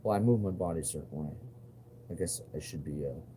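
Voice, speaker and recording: A man's voice: very deep voice, quick pace, noisy background. A man talking straight to his viewers in a rambling monologue, agitated and profane, full of fillers and repeated questions.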